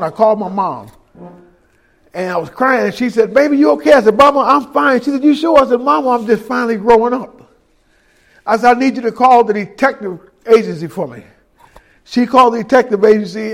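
A middle-aged man giving his testimony as a sermon, telling a story and acting out the voices of others, swinging between hushed and loud. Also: very high-pitched.

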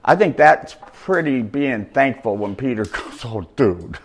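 A man preaching a sermon, reading scripture and adding loud, animated, conversational asides, shouting at the peaks. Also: medium pitch, a little slow.

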